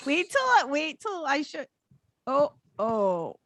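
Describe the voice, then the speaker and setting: A woman's voice: sits high, huge pitch swings, a bit bright, dry recording. A woman co-hosting a podcast, talking casually and sarcastically and giggling as she presents her research. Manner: giggly, sarcastic, quick asides.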